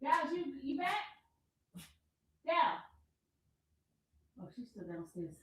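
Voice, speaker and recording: A woman streamer with a very high, lively voice talks casually to her viewers and her dog. She exclaims a lot and bounces around in pitch. She takes her time with her words. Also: slow pace. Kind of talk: casual live stream chat.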